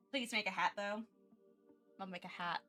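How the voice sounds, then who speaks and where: Bright-voiced young woman rambling casually. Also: mid-range voice, a little slow, soft background music. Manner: rambling, self-mocking, many fillers and restarts. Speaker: art streamer. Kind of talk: casual chat while drawing.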